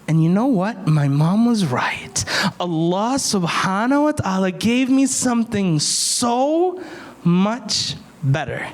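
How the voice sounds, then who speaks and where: A man telling a story to children, dramatic, swinging between loud bursts and hushed whispers. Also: high voice, very animated, slow. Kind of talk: animated storytelling for kids.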